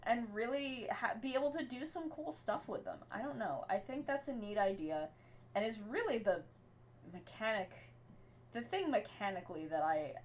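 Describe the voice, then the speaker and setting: A woman's voice: mid-range voice, slight background noise. A sleepy woman streaming and chatting casually, rambling with many fillers. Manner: baby talk to her cat. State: sleepy, yawning.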